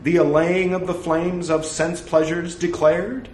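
A man reading the lines of a stern male teacher who rebukes a monk, in a slow scripture recital. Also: a little high, level tone, darkish tone, pitched above the performer's own voice, natural voice. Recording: echoey room with faint hiss.

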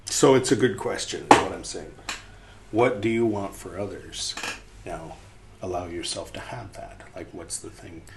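Rambling low-voiced man musing aloud. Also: normal speed, heavy background noise. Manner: rambling, musing, with frequent restarts and dips into a near-whisper. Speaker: podcast host. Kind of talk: casual reading and commentary.

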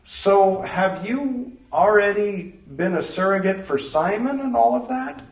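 A man's voice: sits high, lively intonation, measured pace, gravelly, pitched above the performer's own voice, full character voice. A man reading a story voices a polite, awkward young man who talks hesitantly. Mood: earnest, awkward. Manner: hesitant, apologetic. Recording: roomy, distant mic.

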